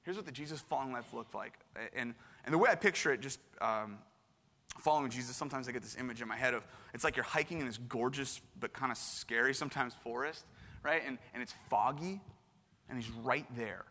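A man preaching a casual sermon in an animated, slangy way, with frequent restarts. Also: mid-range voice, brisk. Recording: long hall reverb.

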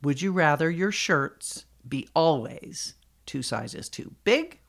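A middle-aged woman with a notably low voice hosts a casual podcast chat. She talks loosely and laughs easily, steering toward the next segment. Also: lively intonation, takes it slowly, creaky. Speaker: podcast host.

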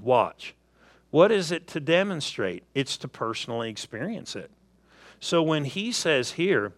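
A man's voice: mid-range voice, no room sound. A man preaching a sermon, telling everyday stories and acting out little asides to make his points. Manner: animated storytelling with acted asides.

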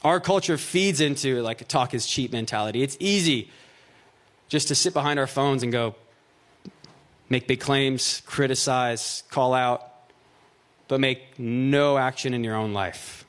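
A man preaching in an easygoing, conversational way, reading scripture and then unpacking it. He talks at an everyday middle pitch and mixes in jokey asides and plenty of "like" and "right?". It sounds relaxed and chatty more than formal. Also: a little slow. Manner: casual, joking asides, fillers of "like" and "right?".

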